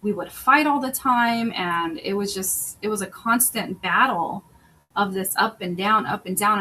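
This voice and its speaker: A woman's voice: mid-range voice, moderate pace, pushed and bright, a little hiss or hum, low-quality recording. A woman self-love coach and podcast host, talking in an earnest, conversational way about relationships and retelling stories in other people's voices. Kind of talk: personal monologue on relationships.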